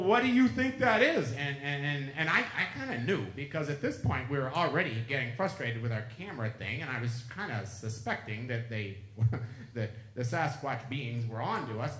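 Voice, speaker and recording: A man's voice: a little high, fairly bright tone. A man giving a public talk as an author, telling stories chattily and acting out the dialogue he quotes. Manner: chatty anecdotal storyteller who acts out quoted dialogue. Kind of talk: lecture with storytelling. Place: lecture room with an audience. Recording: roomy echo in a lecture room.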